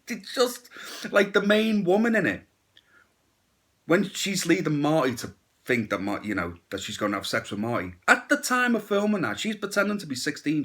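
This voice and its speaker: A man's voice: medium pitch, fairly bright tone. A man giving a casual, blunt and crude horror movie review, with sarcastic asides.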